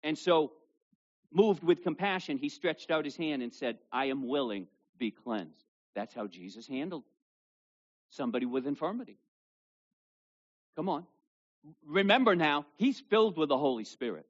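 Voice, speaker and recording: At a church service with children present, a male pastor preaches a sermon to the congregation. He reads scripture loudly and drops his voice low for asides, and the audio sounds dull.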